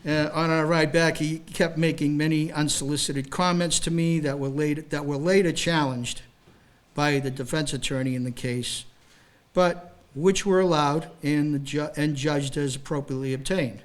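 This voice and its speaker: A man's voice: a little high, fairly even intonation, moderate pace. An older man, a retired police detective, recounting a case to an audience. He reads formal report wording and breaks in with casual asides. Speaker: retired police detective speaking at a library talk. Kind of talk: storytelling, reading from a case report.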